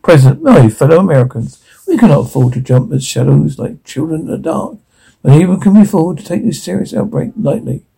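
A man reading a president's formal public address in a measured, official tone. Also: a little high, expressive, creaky, warm tone, husky, exaggerated voice, rough recording. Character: male president, formal and reassuring.

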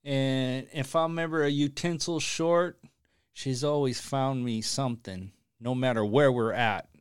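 A man hosting a casual podcast chat, upbeat and rambling, giving enthusiastic shout-outs. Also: mid-range voice, fairly even intonation, a little slow, smooth, dry recording, studio quality. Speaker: podcast host.

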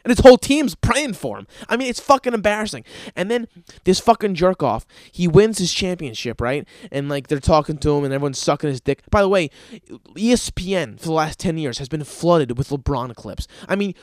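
In a ranting comedic monologue, a restaurant server delivers a profane, exasperated tirade full of stammers and restarts. He sounds fairly high, expressive and a little fast, with no room sound.

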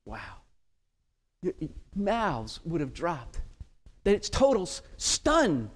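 A male preacher delivering an expository sermon, emphatic, with rhetorical questions and sharp swings between loud exclamations and hushed lines. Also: on the high side, huge pitch swings, takes it slowly.

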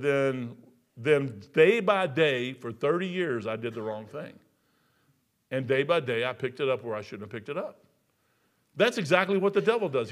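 Male preacher, 60s, homespun storyteller, slightly high voice. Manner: folksy, storytelling, gets loud and animated telling jokes. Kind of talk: sermon.

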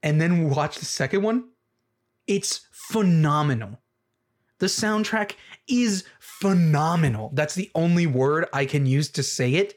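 A man giving excitable music reaction commentary, laughing often and repeating phrases for emphasis. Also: a little high, measured pace. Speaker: video creator.

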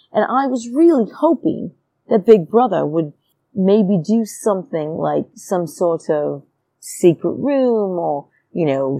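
A woman delivers blunt, indignant hot takes as a podcast host, her tone openly scornful. Her voice sits low and mellow. The recording is close and dry with no room sound. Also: dry recording. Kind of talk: opinionated reality TV commentary.

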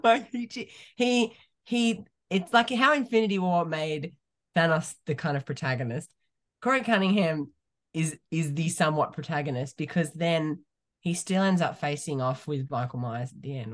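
A man co-hosting a casual movie podcast, animated and talkative, laughing often and restarting his sentences as he rambles through his picks. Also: on the high side, moderate pace. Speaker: podcast co-host.

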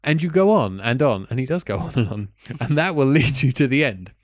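A man's voice: mid-range voice, expressive, brisk, no echo, studio quality, natural voice. A man doing a pompous French film critic. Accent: put-on French. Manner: grandiose, lofty phrasing.

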